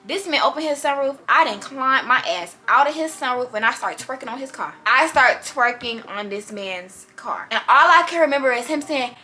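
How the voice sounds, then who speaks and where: A young woman vlogger telling a story in an animated, slangy, dramatic way. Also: high voice, normal speed, hardly any pauses, slight background noise. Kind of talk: storytime vlog.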